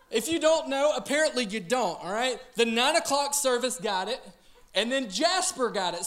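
Pastor, man, 30s, high-pitched, comic storytelling sermon, self-mocking, keeps asking the crowd "all right?". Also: fairly bright tone. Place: church auditorium.

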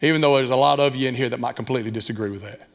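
A man's voice: mid-range voice, rapid-fire, gravelly. A man in his thirties with a Southern Alabama accent, preaching a folksy, candid sermon with lots of asides. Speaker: pastor. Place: church sanctuary. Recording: long church reverb with music.

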